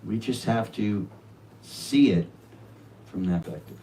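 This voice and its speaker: A man's voice: on the low side, unhurried, distant mic, a little hiss or hum, low-quality recording. Older man giving a devotional talk. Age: 70s. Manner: earnest, with warm laughter and quoted asides. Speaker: speaker at a devotional home program.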